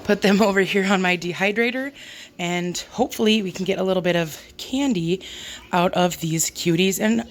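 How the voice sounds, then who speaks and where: A woman chatting casually in her home kitchen as a homestead vlogger, talking while she works and joking about herself. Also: moderate pace. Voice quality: squeaky. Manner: chatty, self-deprecating, talks while working.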